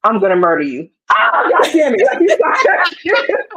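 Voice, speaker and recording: A woman co-hosting a casual TV recap chat, animated and slipping into voices to act out the scenes. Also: a little high, normal speed, slightly rough, low-quality recording. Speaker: show co-host.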